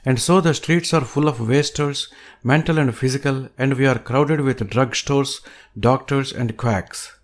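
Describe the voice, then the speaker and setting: Man reading an old book aloud. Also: medium pitch. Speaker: audiobook reader. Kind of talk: audiobook reading.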